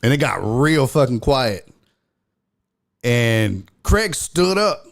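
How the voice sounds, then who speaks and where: A male comedian hosting a casual show and spinning a story from the road. His pitch swings widely as he talks, and he tells it in a loose, profane way, restarting lines as he goes. His voice sits at a middle pitch for a man. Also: slow, vocal fry. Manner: animated, profane, with frequent restarts. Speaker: host and stand-up comedian.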